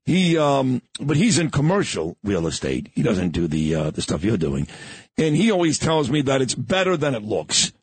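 A middle-aged male radio host with a lively, swooping delivery and a husky edge to his voice. He talks in a loose, conversational way, leading a studio interview, and the sound is dry and close. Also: mid-range voice, moderate pace, dry recording. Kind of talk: casual on-air interview chat.

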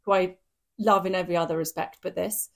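A woman co-hosting a casual podcast chat, giggly, self-deprecating and quick to agree. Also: lowish voice, fairly even intonation, vocal fry. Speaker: podcast co-host.

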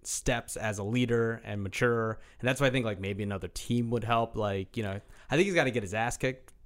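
A man co-hosting a casual sports podcast, talking in a relaxed, joking way. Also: mid-range voice, brisk. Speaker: podcast co-host. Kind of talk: casual chat.

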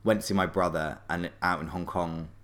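A middle-aged man, a guest telling a long story in a rambling, animated way, full of fillers and self-corrections. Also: low voice, brisk. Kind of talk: casual storytelling.

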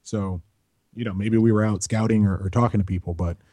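A man with a low, husky, mellow voice chats casually on a soccer podcast. He drifts into joking tangents and long asides. The sound is dry and close, with no room around it. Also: steady tone, a little fast, dry recording. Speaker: podcast co-host.

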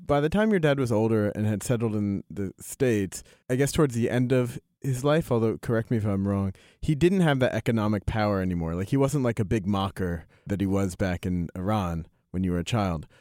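Low-voiced male interviewer, dry sound. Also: brisk, hardly any pauses, warm tone, dry recording. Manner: brief interjections and probing questions. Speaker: podcast host. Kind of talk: casual interview.

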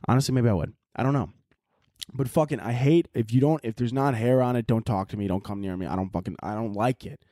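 A man's voice: medium pitch, fast talker, dark tone, no room sound. Young guy swearing a lot, rambling jokes on his solo podcast, medium voice, dry sound. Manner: profane, rambling, jokey. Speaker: podcast host. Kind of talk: casual solo podcast chat.

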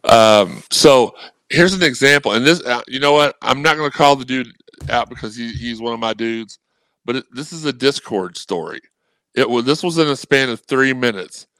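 A man talks sports on a podcast, animated and rambling, and slips into quick impressions of anxious fans as he tells his stories. His voice is smooth and resonant. The recording is close and dry, with no room sound. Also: mid-range voice, dry recording, rough recording. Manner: animated, rambling, acts out fan messages. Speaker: guest co-host. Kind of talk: casual sports podcast chat.

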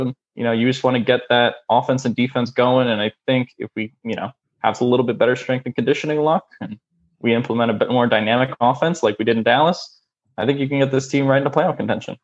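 A man playing a measured male veteran football coach, speaking hesitantly with many fillers. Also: medium pitch, dull audio, natural voice.

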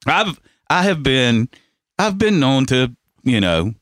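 A man telling a long story in casual chat, animated, laughing often and swearing, with many restarts. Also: medium pitch, slow pace, no echo, clean studio sound. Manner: animated, laughing, profane, repeats himself. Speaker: podcast host telling a story.

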